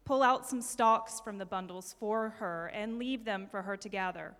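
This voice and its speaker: A woman's voice: medium pitch, normal speed, a bit bright. Woman reading scripture in a hall. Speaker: scripture reader.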